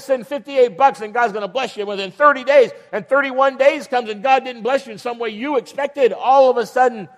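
A man preaching a sermon as a pastor, asking the congregation rhetorical questions and acting out the voices he quotes. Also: very high-pitched. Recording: long reverb of a large hall.

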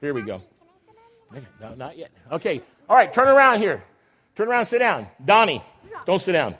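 Leading the kids through a Christmas program at church, this man talks in a lively emcee style, coaxing them along and teasing them cheerfully. His voice is high and a touch bright, with a sing-song lilt at a moderate pace.

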